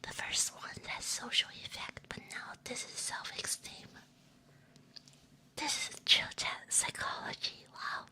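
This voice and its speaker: Speaking unhurriedly in a bright, forceful tone, a young female VTuber reads prompts aloud in a whispered, giggly role-play. She drops in bits of Chinese and Japanese, recorded on a binaural 3Dio mic.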